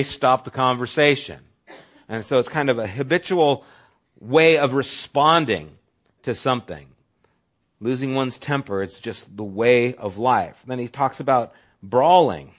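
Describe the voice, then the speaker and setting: A male pastor preaching a sermon in a casual, conversational way, sometimes dropping to a soft, low voice for emphasis. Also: animated, a little slow, pauses often. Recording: dull lo-fi audio.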